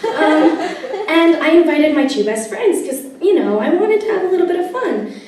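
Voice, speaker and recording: A woman's voice: high voice, animated, darkish tone. Young woman doing stand-up. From Spain. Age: young adult. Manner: wry storytelling with long comic pauses. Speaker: stand-up comedian. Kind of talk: stand-up comedy set. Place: comedy club stage. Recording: echoey room, mic at a distance.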